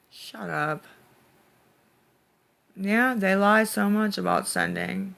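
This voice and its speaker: Irritable gravelly-voiced man muttering at chat. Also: sits high, slow, long pauses, pushed and bright. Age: adult parent. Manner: irritable, snapping back at commenters; mutters and repeats himself. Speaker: livestreamer reading chat. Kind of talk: late-night live stream chat.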